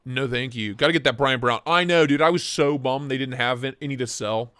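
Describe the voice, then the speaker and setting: A young man hosting a casual knife livestream from his home office, excitable and joking as he reacts to chat. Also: medium pitch, a little fast, clean tone, no echo. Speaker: livestream host reviewing knives. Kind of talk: casual live-stream chat.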